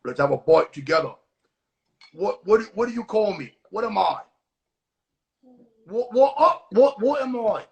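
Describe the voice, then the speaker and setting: A man hosting a casual livestream cooking class, talking in a goofy, playful way with mock-rough slang. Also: high voice, lively intonation, measured pace, long pauses.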